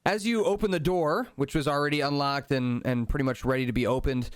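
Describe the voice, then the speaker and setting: A man's voice: medium pitch, a little fast, smooth, no echo, clean studio sound. A man narrating a tabletop game as game master, in an easygoing, descriptive way.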